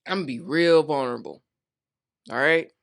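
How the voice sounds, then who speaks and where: A woman's voice: low-pitched, moderate pace, creaky. A woman in her thirties hosting a talk show, talking candidly and playfully to her viewers. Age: 30s. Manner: candid, chatty, playful call-and-response. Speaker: host. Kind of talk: casual solo talk.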